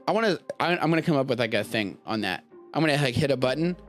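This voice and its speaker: Speaking fast at a medium pitch over soft background music, this American podcast host rambles through casual chat on his live-streamed show. He stays animated and keeps dropping jokey asides.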